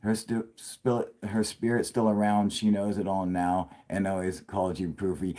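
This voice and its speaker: A man's voice: lowish voice, measured pace, a little mellow. A man hosting a casual late-night livestream, talking in a rambling, profane way and laughing often. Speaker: livestream host.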